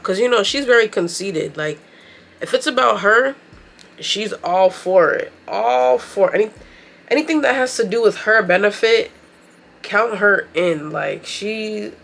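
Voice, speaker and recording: Woman vlogger, bright and forceful tone, casual slangy recap talk over a makeup session. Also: medium pitch, a little slow, creaky. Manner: chatty, slangy, expressive. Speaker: beauty and anime vlogger. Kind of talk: casual recap commentary while doing makeup.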